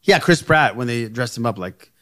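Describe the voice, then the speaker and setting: A man co-hosting a podcast, telling a story in casual, excitable chat. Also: mid-range voice, moderate pace, no echo, clean studio sound. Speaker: podcast co-host.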